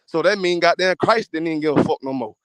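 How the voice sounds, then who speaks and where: A man's voice: on the high side, fast talker, fairly bright tone, clear, resonant tone, no echo. A man hosting a podcast, talking in a casual, profane, emphatic way about faith. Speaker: podcast host. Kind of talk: casual chat.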